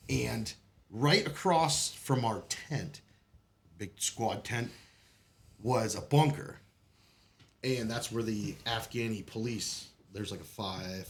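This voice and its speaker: There's a bit of background noise behind this man's mid-range voice. Chatting on a casual podcast, he recounts his service days with plenty of profanity and frequent laughter, staying lively throughout.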